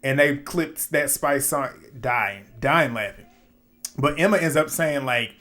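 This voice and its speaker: A man giving a casual, opinionated recap of a reality show episode, animated, often laughing and swearing. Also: medium pitch, a little slow.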